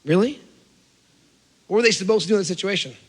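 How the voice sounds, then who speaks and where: A man doing stand-up comedy on stage, telling stories in an animated, incredulous way. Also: high-pitched, fast, husky, long reverb tail.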